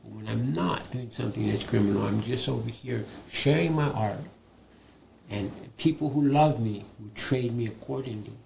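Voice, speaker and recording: Older man, gravelly, animated storyteller guest on a live panel, faint noise behind. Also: medium pitch, normal speed. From Hawaii. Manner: animated storyteller who laughs between points. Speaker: guest, indigenous elder and artist.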